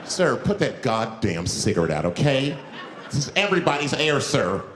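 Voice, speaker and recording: A man's voice: medium pitch, big pitch swings, moderate pace, a bit bright, roomy sound. A man acting out an indignant bus passenger who scolds someone, in a stand-up routine. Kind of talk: stand-up act-out. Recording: live show, crowd and noise.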